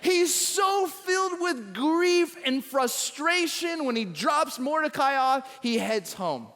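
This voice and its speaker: A man pastor preaching a sermon, retelling a scripture story in an animated way with acted quotes. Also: very high voice, takes it slowly. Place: church auditorium. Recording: echoey large hall.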